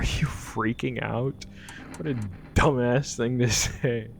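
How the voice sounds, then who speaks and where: A man's voice: medium pitch, fairly even intonation, slow, gravelly, background noise. A man streaming live gameplay who talks casually, jokes and swears.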